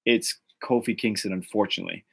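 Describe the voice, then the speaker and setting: A man's voice: on the low side, quick pace, creaky, fairly bright tone, husky. A man from Boston with a Boston accent, hosting a casual wrestling rumor podcast, rambling with lots of fillers and restarts. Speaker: podcast host.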